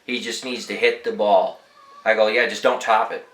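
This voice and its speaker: A man's voice: fairly low pitch, little pitch movement, normal speed, a bit bright, roomy sound, poor audio. A young man hosting a podcast, telling laid-back, profanity-laced stories in a rambling, casual way. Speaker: podcast host. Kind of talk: casual storytelling.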